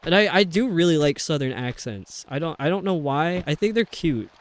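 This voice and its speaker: A man's voice: on the high side, animated, normal speed. A man streaming a video game, chatting casually and rambling with lots of fillers. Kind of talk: casual chat while playing a video game.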